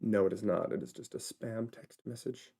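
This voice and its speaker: A man talking at home in a loose solo vlog, drifting from topic to topic with playful asides to his viewers. His voice sits a little low, with a mellow, relaxed tone. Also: normal speed, vocal fry, breathy edge. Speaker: vlogger and actor. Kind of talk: casual solo vlog monologue. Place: at home, indoors.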